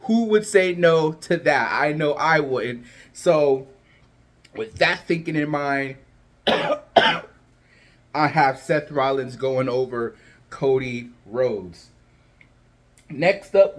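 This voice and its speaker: A man vlogging his predictions in a loose, chatty way, full of fillers and restarts, his voice cracking a little. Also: on the high side. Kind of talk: casual chat to camera.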